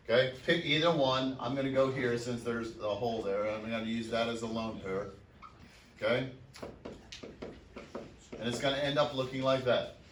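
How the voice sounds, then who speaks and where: A male teacher lectures a class in an upbeat, joking way, counting out loud and firing questions at his students. His voice is bright and forceful. It is recorded in an echoey classroom, picked up from across the room. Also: mid-range voice, slight background noise. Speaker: chemistry teacher. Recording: echoey classroom, mic far off.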